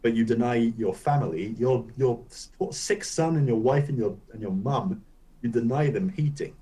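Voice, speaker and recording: A man's voice: medium pitch, lively intonation, moderate pace, warm tone, rough recording. A man co-hosting a gaming podcast, rambling loosely through a casual chat and swearing now and then. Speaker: podcast co-host.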